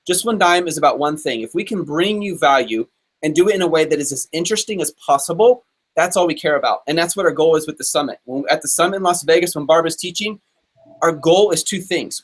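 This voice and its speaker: A man from Texas hosting a live interview show. He talks in an upbeat, chatty way, full of quick asides. His voice sits a little higher than most men's. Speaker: host.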